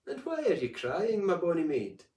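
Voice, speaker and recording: A man voicing a small, bright-eyed male frog who speaks softly and sings high, recorded in an echoey room. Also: huge pitch swings, moderate pace. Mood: coaxing. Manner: soft, high singing voice. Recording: echoey room, distant mic.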